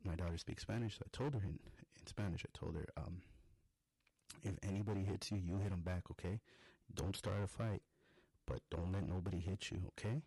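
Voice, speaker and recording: A man's voice: low voice, brisk, warm tone, breathy edge, no room sound. A young adult man on a podcast, telling a rambling, profane story in a casual monologue. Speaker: podcast host.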